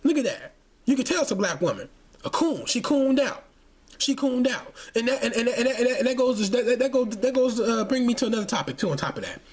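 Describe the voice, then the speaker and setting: A man's voice: very high-pitched, sing-song, quick pace. A man giving a heated, profane ranting commentary, often stumbling over repeated restarts. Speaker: channel host.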